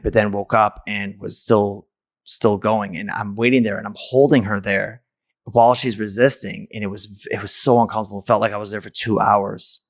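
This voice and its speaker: A man's voice: fairly low pitch, no room sound, clean studio sound. A man from the United States, a podcast host, telling a personal story in a candid, blunt way with casual swearing.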